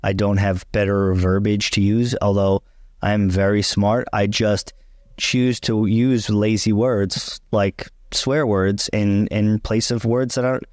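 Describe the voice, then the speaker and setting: Blunt, cursing man with a low voice. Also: flat delivery, unhurried, a little mellow, no room sound, studio quality. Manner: blunt, emphatic, swears freely; repeats himself for emphasis. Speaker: vlog co-host. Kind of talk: casual chat.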